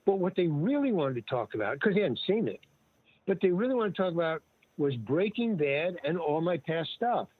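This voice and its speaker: An older male guest rambles through casual stories, digressing, restarting often, and quoting others. His voice is on the high side with big pitch swings, slightly rough, at normal speed, over a tinny, phone-like, dry line with no room sound.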